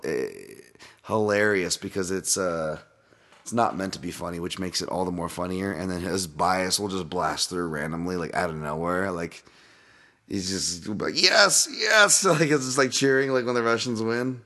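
Give me a deep-voiced man hosting a casual podcast, rambling and swearing as he drifts off track. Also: fairly even intonation, normal speed, a bit bright. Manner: rambling, profane, goes off on tangents. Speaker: podcast host.

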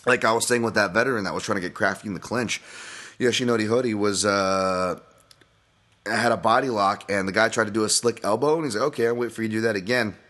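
Deep-voiced man rambling through fight picks. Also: brisk, fairly bright tone. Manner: profane, joking, rambling. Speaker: podcast host. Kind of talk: solo sports betting breakdown, casual.

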